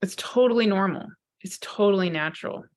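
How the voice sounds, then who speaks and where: Talking to camera without a script, this woman, a psychotherapist and spiritual teacher, shares spiritual thoughts in an earnest, searching manner and keeps restarting her sentences. Her voice is medium in pitch, fairly quick and a little mellow.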